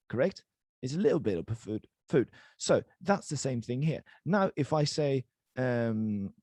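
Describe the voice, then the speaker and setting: A man's voice: medium pitch, big pitch swings, unhurried, darkish tone, no echo. A man teaching a live online language class over a video call, in a casual, encouraging way with many fillers.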